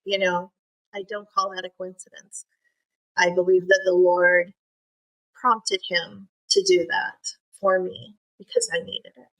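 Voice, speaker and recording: A middle-aged woman telling a personal story as a podcast guest. She speaks earnestly and haltingly, with many fillers and restarts. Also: fairly low pitch, flat delivery, fairly bright tone, rough recording.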